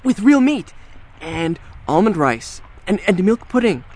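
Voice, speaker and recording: Brief: actor voicing an anxious young hacker, lively and fairly high voice, quick and jittery. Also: male voice, heavily acted. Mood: sheepish. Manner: jittery, talks fast when pressed. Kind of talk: audio drama acting.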